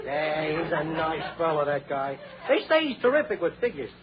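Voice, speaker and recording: A man hosting a 1930s radio comedy, cracking jokes and laughing at his own gags, on a tinny broadcast with a loud audience and hiss. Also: on the high side, very animated, moderate pace, crowd noise. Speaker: comedian host.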